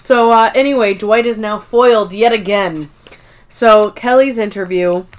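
A woman's voice: medium pitch, unhurried. Chatty woman recapping episodes. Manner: rambling, swears, quotes characters. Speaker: podcast co-host. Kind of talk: casual recap chat.

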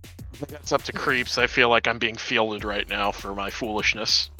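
Very bright-voiced man playing a tabletop game. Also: fairly low pitch, normal speed, faint music behind. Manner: playful, jokey, speaks in his character's voice. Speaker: player. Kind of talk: casual tabletop play.

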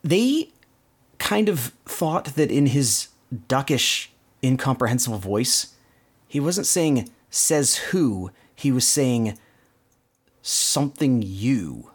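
Man, podcast host, slow unhurried delivery, very lively pitch, storytelling recap. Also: slightly rough. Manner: storytelling, recounts plots in detail. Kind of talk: casual cartoon recap chat.

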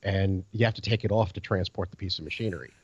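A man's voice: low-pitched, fast, a little mellow, slightly rough, dry recording. Wry man on a dull, lo-fi mic. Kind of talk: casual chat. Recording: dull, lo-fi, dry.

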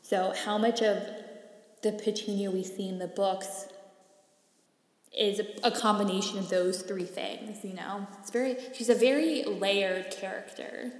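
A woman's voice: medium pitch, steady tone, measured pace. A young woman co-hosting a podcast in casual chat, chatty, with frequent laughs and fillers. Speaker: podcast co-host. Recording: echoey room with long reverb.

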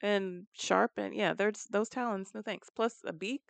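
A woman's voice: medium pitch, fairly even intonation, a little slow, creaky, no room sound. A woman co-hosting a podcast, thinking aloud with some hesitation in casual banter. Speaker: podcast co-host. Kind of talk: casual chat.

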